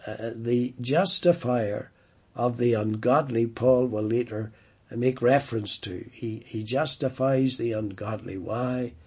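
Slow, husky-voiced male preacher. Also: mid-range voice, a little mellow. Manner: emphatic, repeats and stresses key phrases. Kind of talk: sermon.

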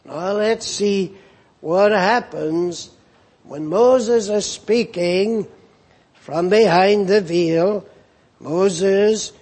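A man preaching a sermon, expounding scripture in a slow, deliberate way and repeating phrases for emphasis. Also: sits high, mellow, husky. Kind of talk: sermon, Bible exposition.

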